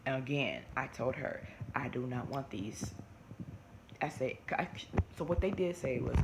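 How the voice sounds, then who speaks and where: A woman, chatting animatedly to camera and often restarting her sentences. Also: a bass voice. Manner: animated, talks fast with many restarts. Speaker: vlogger. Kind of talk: casual chat to camera. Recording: noisy home recording.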